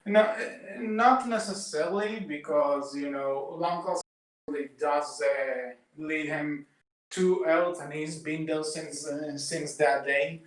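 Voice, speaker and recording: A man with a fairly high voice co-hosts a casual podcast and talks through film scenes with eager detail. His voice bounces around a roomy, echoey space. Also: slow pace. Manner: eager, retells scenes at length. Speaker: podcast co-host.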